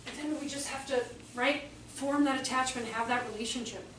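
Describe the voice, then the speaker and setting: A woman educator telling classroom stories to an audience, animated and acting out children's voices. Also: high-pitched, fairly quick. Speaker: educator giving a talk. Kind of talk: storytelling presentation to an audience. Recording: echoey room, far from the mic, faint noise.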